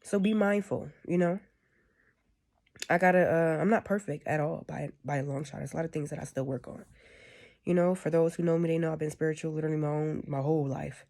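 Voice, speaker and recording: A woman's voice: low-pitched, steady tone, a little fast, gravelly, a little mellow. A woman giving a casual, rambling spiritual monologue, often checking in with "you know what I'm saying.". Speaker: spiritual speaker.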